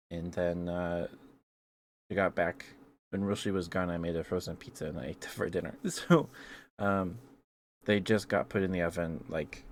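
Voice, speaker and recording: A young man, an ASMR streamer, rambling softly to his chat with frequent ums and small kisses. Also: low-pitched, a little hiss or hum. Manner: rambling, greets chat viewers with kisses, hesitant fillers.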